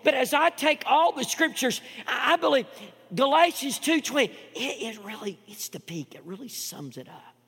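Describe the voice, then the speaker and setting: High, gravelly-voiced man preaching in a hall. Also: lively intonation, moderate pace. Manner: emphatic preaching with repetitions, swinging from loud to hushed. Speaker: pastor. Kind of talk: sermon.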